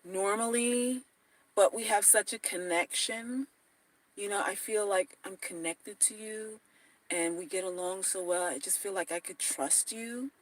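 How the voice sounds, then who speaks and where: A woman voicing a naive young woman softly and apologetically excusing herself to a man. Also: mid-range voice, unhurried, voice pushed down, close to an everyday voice, rough recording. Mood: coy.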